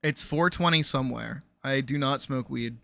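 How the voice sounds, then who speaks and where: A woman streamer chatting casually on a live stream, reacting loudly with exclamations, swearing and laughter. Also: rumbling low, moderate pace, creaky. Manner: loud, exclamatory, swears freely, laughs often.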